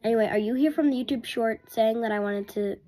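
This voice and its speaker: A woman vlogger talking in a rambling, excitable and apologetic way during a casual unboxing. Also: on the high side, quick pace.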